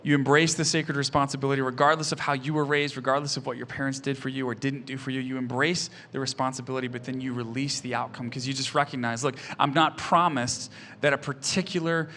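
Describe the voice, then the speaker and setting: A man's voice: medium pitch, level tone, a little hiss or hum. Earnest man in his thirties preaching. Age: 30s. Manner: earnest, often soft-spoken, with quickening anecdotes. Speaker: pastor. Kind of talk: sermon with personal stories.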